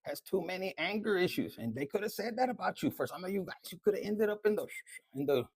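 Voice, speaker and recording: A man's voice: high-pitched, lively intonation, fast talker, darkish tone, slightly rough, dry recording. A man giving a casual tarot reading, talking bluntly and with lots of swearing. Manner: blunt, profane, chatty. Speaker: tarot reader.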